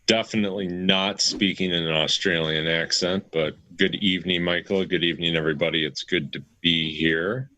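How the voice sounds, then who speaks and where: A man's voice: sits low, steady tone, moderate pace, hardly any pauses, bright, forceful tone, dull audio. A man who founded a parents' group, greeting the audience on a live talk show in an upbeat, chatty way.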